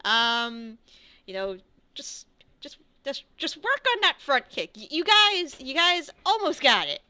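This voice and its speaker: A woman voicing a cheerful, energetic male martial arts grandmaster who is bubbly and apologetic. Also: a little high, very slow, clean tone, pitched above the performer's own voice, heavily acted.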